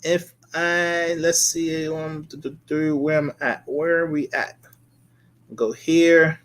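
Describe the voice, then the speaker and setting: A man's voice: fairly high pitch, flat delivery, slow, fairly bright tone. A man giving a casual live-streamed lecture, rambling and repeating himself as he sounds out syllables.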